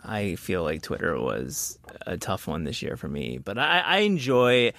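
A podcast host in casual chat, playful, with quick interjections and self-deprecating remarks. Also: sits low, very animated, creaky, a bit bright, no room sound, clean studio sound.

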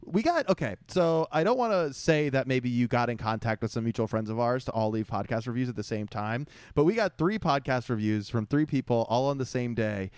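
A man's voice: medium pitch, expressive, brisk, few pauses, darkish tone, clean tone, no room sound, studio quality. A young man co-hosting a casual podcast, rambling and jokey, laughing often. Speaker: podcast co-host. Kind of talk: casual chat.

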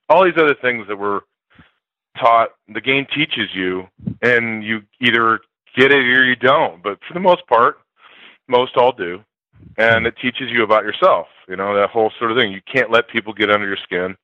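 Appearing as an interview guest, a former college football player, now older, spins lively stories, belting out the quotes and laughing a lot. He speaks at medium pitch, and the recording has no echo but its highs are cut off.

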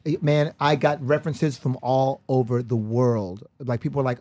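A young American man, a podcast guest, telling stories in a casual, animated way with lots of slang and frequent laughs. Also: mid-range voice, fairly quick, few pauses. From United States. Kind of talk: casual storytelling.

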